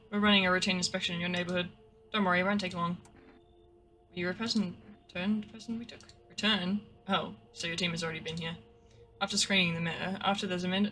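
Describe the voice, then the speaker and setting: A woman playing a calm government inspector who speaks in a polite, reassuring official tone. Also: fairly low pitch.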